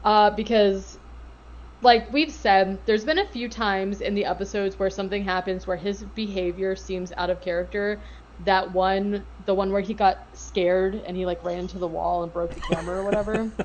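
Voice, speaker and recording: A woman's voice: mid-range voice, steady tone, moderate pace, darkish tone, dull audio, a little hiss or hum. A woman co-hosting a podcast, casually recapping a TV episode with lots of filler words and swearing. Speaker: podcast co-host.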